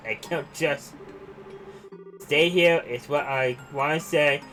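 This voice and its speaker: A gruff, cocky young brawler who brushes off his wounds with slangy bluster, as a man voices him reading a game aloud. His voice sits a touch high for a man, with soft music behind. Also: takes it slowly.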